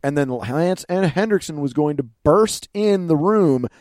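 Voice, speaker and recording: A man's voice: on the high side, expressive, measured pace, a little mellow, no echo, studio quality. A man chatting casually as a podcast co-host, telling stories with frequent laughs, fillers and restarts. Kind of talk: casual chat.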